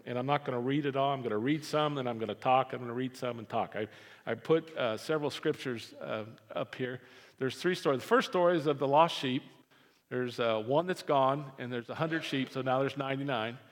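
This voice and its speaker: Gravelly pastor preaching in an echoing hall. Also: male voice, medium pitch. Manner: animated, repeats phrases for emphasis. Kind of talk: sermon. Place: church sanctuary. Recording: reverberant hall.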